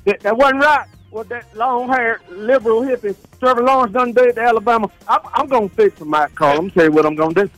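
A man's voice: very high-pitched, brisk, few pauses, a bit bright, no echo, soft background music. A male caller on a radio show, ranting in a rambling, worked-up way. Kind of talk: radio call-in.

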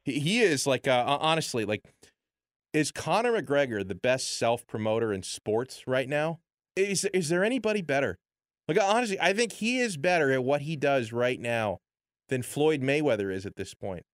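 A man's voice: medium pitch, moderate pace, no room sound, studio quality. A man hosting a sports talk show, chatting casually with lots of restarts and fillers. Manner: animated, filler-heavy, chuckling. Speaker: sports radio host.

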